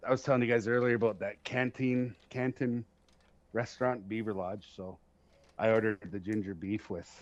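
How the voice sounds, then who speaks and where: A man hosting a podcast, telling stories in a casual, profane, animated way and laughing at himself. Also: fairly low pitch, no room sound. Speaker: podcast host. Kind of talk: casual storytelling chat. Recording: dull lo-fi sound.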